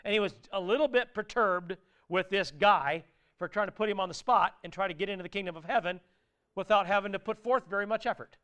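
A man preaching a sermon with a high, smooth and resonant voice. He talks to the congregation in an earnest, conversational way. Now and then he bursts into a loud exclaimed aside. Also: fast.

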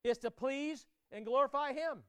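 A man preaching a sermon to his congregation, emphatic and direct, often repeating his words and rising to loud climaxes. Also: very high voice, normal speed, dry recording. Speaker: pastor.

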